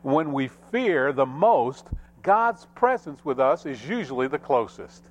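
A man preaching a sermon as pastor, with dramatic rises and drops in pitch and pace. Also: very animated, measured pace.

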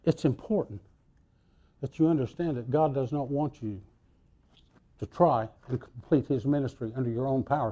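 A man preaching a sermon, telling the story with lively swings between loud bursts and soft asides. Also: mid-range voice, normal speed, pauses often, dull audio.

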